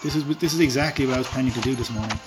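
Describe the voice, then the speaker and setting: Talking rapid-fire over music, a medium-pitched Irish man with a rural accent chats on a live stream as he games. He rambles with fillers, chuckles, and pokes fun at himself.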